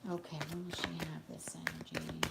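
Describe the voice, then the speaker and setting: The recording is very noisy, and through it comes a low female voice at normal speed. A tarot reader, she chats casually between readings during a live session, telling stories bluntly and animatedly while rambling off track.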